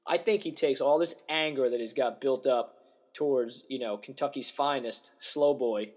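Animated young man, casual podcast chat. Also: medium pitch, normal speed. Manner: animated, jokey, mimics players' voices. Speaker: podcast co-host.

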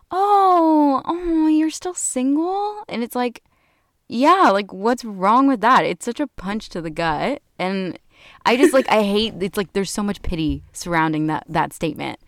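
Low-voiced woman telling dating stories. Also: smooth, no echo, studio quality. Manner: animated storytelling, laughs often. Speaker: podcast co-host. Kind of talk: casual chat.

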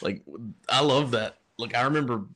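A man's voice: mid-range voice, moderate pace, a bit bright. A man co-hosting a podcast, talking about movies in a rambling, enthusiastic way, with frequent restarts. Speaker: podcast co-host. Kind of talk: casual film discussion.

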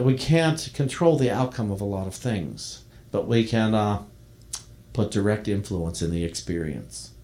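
A man preaching a sermon, reading a devotional text aloud and then speaking gently to his congregation. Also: fairly low pitch. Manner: reads a devotional poem aloud, then preaches in a soft, slowing voice. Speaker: minister.

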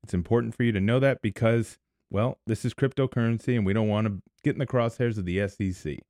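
A man's voice: fairly low pitch, quick pace, darkish tone, dry recording, studio quality. A man hosting a casual podcast, upbeat and joking as he introduces guests. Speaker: podcast host.

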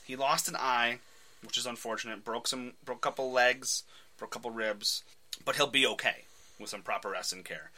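A man hosting a casual podcast, retelling a comic book in an animated way and laughing often. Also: medium pitch, moderate pace. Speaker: podcast host.

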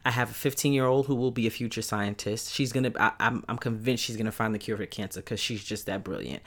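Brooklyn-accented woman in her thirties hosting her own podcast, easygoing and excitable. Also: extremely low pitch, quick pace. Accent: Brooklyn New York. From Brooklyn, New York. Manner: upbeat and chatty, with loud excited peaks. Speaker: podcast host. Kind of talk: casual solo podcast talk.

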